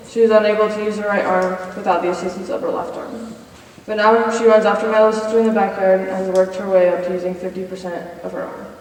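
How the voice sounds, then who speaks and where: A college senior in her twenties, with a mid-range and slightly mellow voice, earnestly reads a personal testimony from her notes in chapel and cues up slides. The recording was made far away in an echoey hall.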